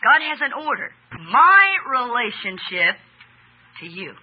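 Husky woman preaching with drawn-out emphasis. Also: on the high side, very animated, highs cut off. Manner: emphatic, drawn-out stresses, asks audience questions. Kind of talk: sermon with audience exchange.

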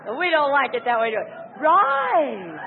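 A woman preaching a sermon, emphatic, swinging from loud exclamations to hushed asides. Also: high voice, huge pitch swings, moderate pace. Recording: tinny phone-like sound with faint noise.

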